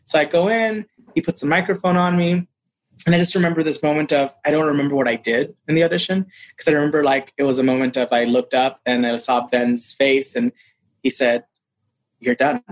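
A man being interviewed as an actor, telling a story in a casual, animated way, full of "like" and "you know" and acting out what people said. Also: fairly high pitch, a little fast. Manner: animated, acts out quoted dialogue; frequent fillers like "like" and "you know". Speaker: actor guest.

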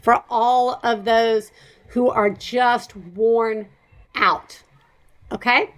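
A woman with a Southern American accent hosting a podcast, talking in a chatty, animated way with frequent laughs. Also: on the high side, extremely slow. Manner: chatty, animated, laughs often, rambling asides. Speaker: podcast host. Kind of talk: casual chat.

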